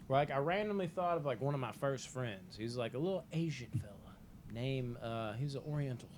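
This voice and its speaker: A man's voice: mid-range voice, animated, a little fast, a little mellow, a little hiss or hum. A man in his twenties, a podcast co-host telling a long story in a casual, rambling way, full of filler words and swearing.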